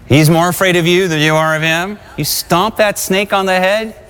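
A man's voice: high-pitched, normal speed, a bit bright, clean tone. A man preaching a sermon, exhorting and calling on the congregation to answer him. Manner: exhorting, calls for congregation responses. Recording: long hall reverb.

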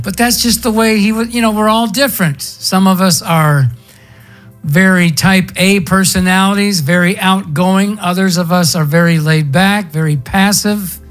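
Slow, conversational male pastor. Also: high-pitched. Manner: conversational storytelling, drawn-out emphasis. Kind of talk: sermon.

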